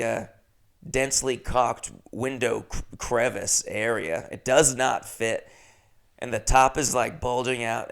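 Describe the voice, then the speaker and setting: A young man chatting casually on his own from his apartment, rambling through anecdotes with animated jumps in volume. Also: mid-range voice, vocal fry. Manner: rambling, animated storytelling with sudden jumps in loudness. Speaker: comedian podcast host. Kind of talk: casual solo chat. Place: his first-floor apartment.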